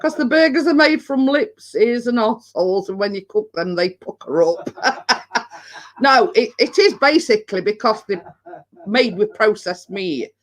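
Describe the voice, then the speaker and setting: A woman's voice: on the high side, lively intonation, normal speed. A woman with a Yorkshire accent hosting a casual live stream, chatting and reading out viewer comments. She rambles a little and laughs often.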